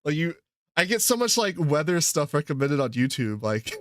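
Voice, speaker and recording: A man's voice: on the high side, very animated, moderate pace, a bit bright, no room sound, studio quality. A man hosting a podcast in casual chat, laid-back and full of fillers, swearing now and then. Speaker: podcast host.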